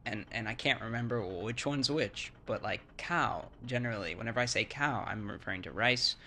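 An English-speaking foreigner chats casually about Thai sounds in a bright, forceful, mid-range voice, speaking fairly quickly over slight background noise. He rambles with lots of fillers, many "like"s, and restarts, acting out word sounds to demonstrate.

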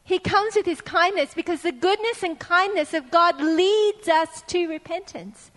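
In a large church hall with long, ringing reverb, a middle-aged woman preacher delivers an earnest, story-driven sermon and hammers her points with repetition. Her voice is high and fairly bright, and she speaks unhurriedly.

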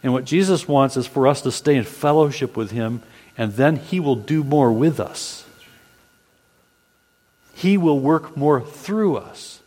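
A man's voice: medium pitch, unhurried, darkish tone. A male pastor preaching a Sunday sermon in an earnest, repetitive preaching cadence. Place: church sanctuary. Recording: long hall reverb.

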